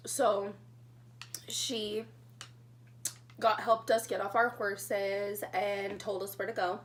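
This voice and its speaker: A young woman telling her engagement story in a casual storytime vlog, chatty and excitable, getting emotional as she talks. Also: mid-range voice, takes it slowly, pauses often. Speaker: vlogger.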